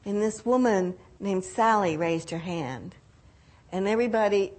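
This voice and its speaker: Older woman, personal storytelling, reflective, unhurried, mid-pitched voice. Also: breathy edge. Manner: reflective, unhurried, with restarts and lively quoted voices. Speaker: speaker telling her own story.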